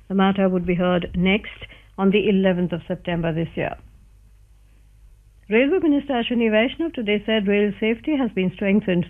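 A newsreader reads a scripted bulletin in a measured, formal manner. The voice sits at a middle pitch. It comes through a narrow, boxy radio broadcast with the lows and highs cut away. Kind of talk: scripted news bulletin reading.

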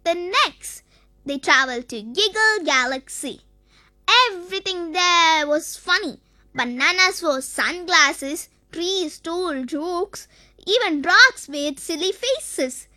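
A storyteller reading a children's story in a sing-song, animated way. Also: very high voice, slow pace, no echo.

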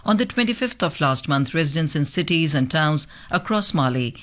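Lady newsreader on the radio, formal and measured, reading world headlines. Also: deep voice, animated, a bit bright. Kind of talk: scripted radio news reading.

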